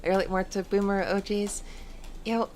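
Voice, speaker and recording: A woman's voice: medium pitch, little pitch movement, moderate pace, darkish tone, slight background noise. A woman streaming a game and chatting casually, rambling in a playful, self-mocking way. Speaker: VTuber streamer.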